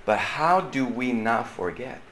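A pastor with a medium-pitched, fairly bright voice teaches Sunday school playfully, joking and laughing often, his intonation lively and his pace measured. He's sweating and loud from the exertion. The echoey room carries faint ambience and a slight hiss or hum.

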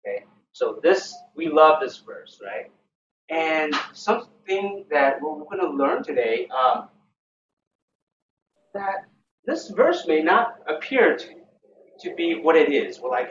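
A man leading a Bible study, who talks haltingly and keeps checking in with his listeners. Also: a little high, big pitch swings, a bit bright, slight background noise. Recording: echoey, dull, distant room recording.

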